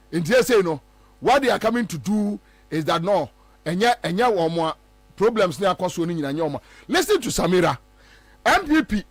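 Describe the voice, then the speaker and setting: High-voiced ghanaian guy hosting, emphatic and repeats himself a lot, dry close sound. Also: dry recording. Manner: emphatic, repetitive, mimics others mockingly. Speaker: talk show host. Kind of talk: animated political commentary.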